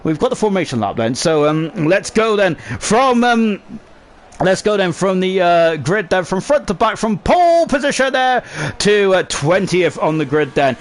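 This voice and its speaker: A young man commentating a sim racing league live, excitable and chatty, reading out viewer messages. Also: high-pitched, normal speed. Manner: excitable, shouts over laps then settles into chatty asides. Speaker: esports race commentator.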